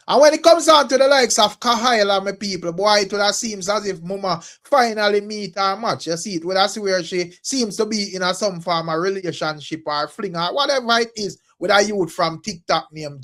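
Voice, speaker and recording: A Jamaican man hosts a casual gossip show and keeps circling back to the same stock phrases. His voice sits fairly high for a man. He talks to viewers in a loose, chatty way. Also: fairly bright tone. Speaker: entertainment gossip host.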